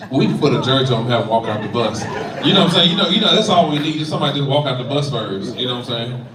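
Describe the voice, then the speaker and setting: A man's voice: medium pitch, animated, very fast, crowd noise. A middle-aged man, a pastor, giving a preacherly community talk, stammering and checking in with "right?". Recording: echoey room, mic from far off.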